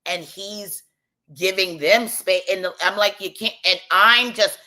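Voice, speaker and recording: A woman telling a comic story in an animated, exasperated way, swearing freely. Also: medium pitch, takes it slowly.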